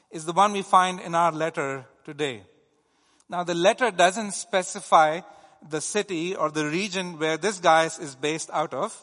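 A man preaching a teaching sermon at a steady pace, with frequent "uh" fillers. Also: high voice, in a large hall.

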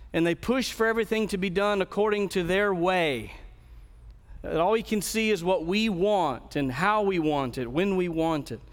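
Preaching man in a reverberant hall. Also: sits high. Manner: earnest expository preaching with frequent restarts. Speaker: pastor. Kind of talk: sermon.

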